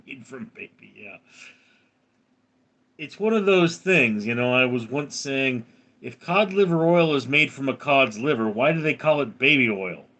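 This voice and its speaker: A man in his thirties chats casually on a live stream, reading viewers' names aloud and tossing back crude jokes. His voice is bright and forceful, and he talks at an unhurried, drawn-out pace. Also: mid-range voice. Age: 30s.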